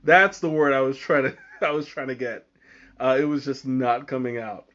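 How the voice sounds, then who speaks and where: A man of ordinary pitch hosts a casual live tea tasting, stumbling through fillers and restarts as he searches for words. His voice comes through slightly muffled, with the dull, lo-fi sound of a home livestream. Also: moderate pace, fairly bright tone. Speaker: livestream host.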